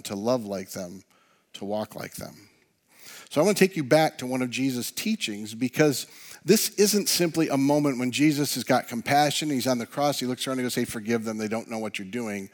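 Earnest male pastor preaching softly. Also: mid-range voice. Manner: earnest, drops to a soft hush on key words. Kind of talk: sermon.

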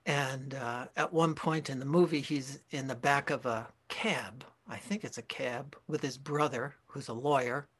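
A Zen teacher giving a dharma talk, speaking in a slow, reflective way with pauses and self-corrections. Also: male voice, medium pitch, steady tone, a bit bright, breathy edge.

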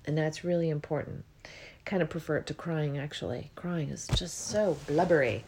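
A woman's voice: low-pitched, moderate pace, breathy edge. Yawning, meandering woman podcast host. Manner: yawns often while talking, relaxed and meandering. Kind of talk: spiritual podcast monologue.

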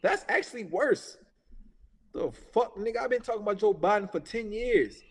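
A man in his early thirties rants about politics in a casual talk show, heated, profane and emphatic, hammering each point again and again. His voice sits a little high for a man and trails off into a long reverb. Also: lively intonation, moderate pace. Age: 30s.

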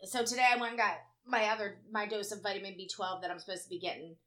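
A woman co-hosting a podcast in casual chat, telling tired, swear-filled stories in an animated way. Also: medium pitch, quick pace. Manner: swears freely, animated storytelling. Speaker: podcast co-host.

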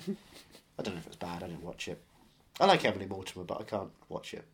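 A man's voice: deep voice, sing-song, fairly quick, slightly rough. A man co-hosting a podcast, chatting about films in a dry, sarcastic, joking way. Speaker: podcast co-host. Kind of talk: casual film chat.

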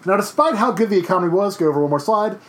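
Guy in his 30s teaching from home, slightly high voice, rambly and casual, lots of uh and you know. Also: animated, rapid-fire, fairly bright tone. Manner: rambling, conversational, many fillers and restarts. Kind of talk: recorded history lecture. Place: home during quarantine.

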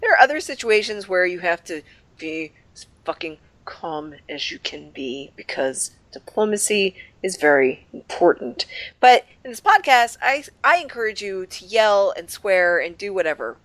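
A woman's voice: mid-range voice, sing-song, moderate pace, a bit bright, dry recording, rough recording. A woman co-hosting a podcast in casual chat, playful and teasing, laughing often. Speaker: podcast co-host.

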